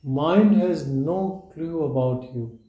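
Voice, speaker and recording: A man leads a meditative spiritual talk in short, measured declarations, leaving long silences between them. His voice is deep and mellow, and he speaks very slowly. A roomy echo surrounds him at a live gathering. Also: dull audio. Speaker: spiritual teacher.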